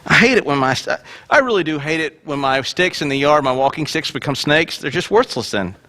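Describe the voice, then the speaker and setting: A male pastor preaching a sermon in a playful, joking way. His voice sits high and bright. His pitch jumps around a lot as he tells the story. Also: lively intonation, a little fast.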